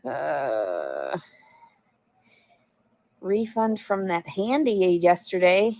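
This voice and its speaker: Brief: woman livestreamer, mid pitch, dry close sound, talks bluntly and swears freely. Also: wildly swooping pitch, slow, long pauses, darkish tone, dry recording. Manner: blunt, profane, rambling. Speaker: livestreamer reading chat. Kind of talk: casual livestream chat.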